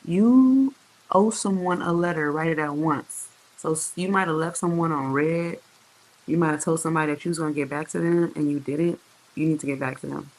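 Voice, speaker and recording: Speaking in a mid-range voice, a tarot reader chats with viewers in a slangy, profane monologue, drawling certain words slowly for emphasis. The audio is poor.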